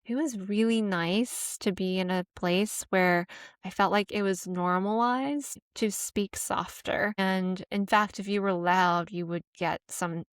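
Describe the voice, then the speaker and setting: A young American woman, soft-spoken and conversational, talking through her thoughts in a casual vlog from her apartment. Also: medium pitch, steady tone, a little slow, clear, resonant tone, no room sound, studio quality. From United States. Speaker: vlogger. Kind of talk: casual reflective monologue. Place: apartment room.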